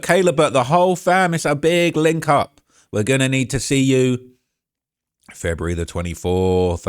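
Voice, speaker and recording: A man hosting a true-crime commentary show, ranting with heated sarcasm and reading out online comments. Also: medium pitch. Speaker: host.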